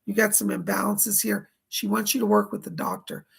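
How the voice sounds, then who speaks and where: A man hosting a live psychic reading stream. He sounds hoarse as he chattily relays spirit messages and thanks viewers by name. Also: high-pitched, flat delivery, fairly quick, fairly bright tone. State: dry throat, hoarse.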